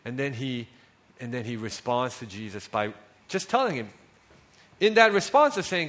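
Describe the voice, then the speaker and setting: A male pastor preaches in a relaxed, conversational manner. His voice sits a little high for a man and moves a lot. He often drops soft and low on key lines. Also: moderate pace. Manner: conversational, with frequent fillers and restarts, dropping soft on key lines. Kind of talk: sermon.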